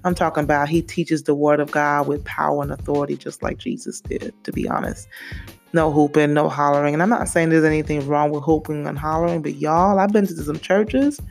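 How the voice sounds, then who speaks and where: Woman, Saint Lucian accent, podcast host, gravelly voice, flat delivery, faint music behind. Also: low-pitched, fairly quick. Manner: earnest, repeats phrases, addresses listeners directly. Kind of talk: casual faith podcast monologue.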